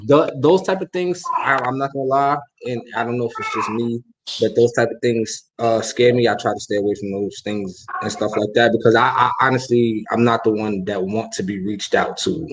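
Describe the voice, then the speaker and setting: A podcast host in casual chat, asking hesitant, halting questions. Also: mid-range voice, slight background noise, low-quality recording.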